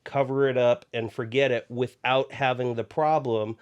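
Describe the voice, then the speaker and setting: A man co-hosting a podcast, earnestly explaining a point in a halting way with restarts. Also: mid-range voice, little pitch movement, smooth, lo-fi sound. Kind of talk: casual podcast chat.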